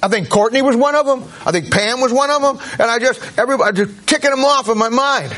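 High-voiced man preaching a folksy sermon. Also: fast, a bit bright. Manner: folksy, conversational, with frequent restarts. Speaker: pastor.

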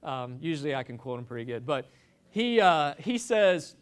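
Man, high voice, sermon, rambling, jokey, restarts. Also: very animated, moderate pace, clear, resonant tone. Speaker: preacher.

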